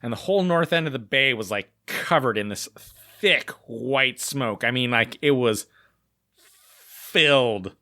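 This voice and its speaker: Chatty rambling man, bright dry sound. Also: medium pitch, a little slow, no room sound. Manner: rambling, many "like" fillers, acts out quoted voices. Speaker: podcast co-host. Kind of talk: casual storytelling.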